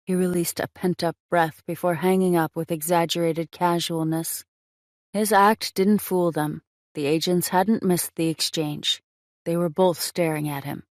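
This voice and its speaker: A woman narrating a romance audiobook in a measured, expressive reading on a close mic. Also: sits low, no room sound.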